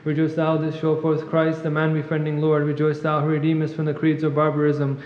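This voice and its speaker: Guy rattling off church chant super fast, flat one-note, big echoey church. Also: on the high side. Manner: fast monotone recitation, clears throat at times. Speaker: reader at a monastery service. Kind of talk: rapid liturgical chant reading. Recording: echoey church, long reverb, muffled.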